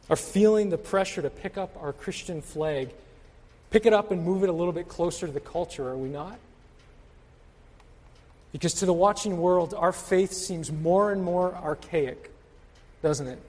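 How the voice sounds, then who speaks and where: A man's voice: high-pitched, darkish tone. A man preaching a sermon in an earnest, exhorting way, repeating his key points to the congregation. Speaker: pastor. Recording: reverberant hall.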